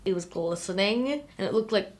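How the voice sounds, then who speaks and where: A woman at a middle pitch hosts a casual movie review video. She chats fast and loosely, filling her sentences with "like" and breaking into giggly asides, and her excitement swings her voice up and down. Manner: chatty, animated, many "like" fillers, giggly asides.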